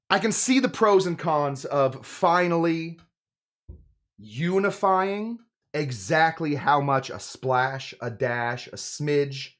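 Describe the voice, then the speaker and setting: A man hosting a casual cocktail-making demonstration, joking and rambling with lots of asides. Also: a little high. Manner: joking, rambling, self-interrupting. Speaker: host of a cocktail channel.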